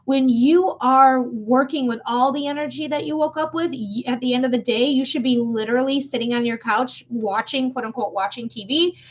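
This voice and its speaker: A woman's voice: sits high, moderate pace, few pauses. A young woman giving a live psychic reading, talking casually and bluntly to the viewer and swearing freely. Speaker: psychic reader.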